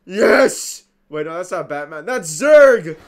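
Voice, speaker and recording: A young man hosting a reaction video, talking back to the screen with excitable outbursts and mumbled asides. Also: sits high, slow. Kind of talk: casual reaction commentary.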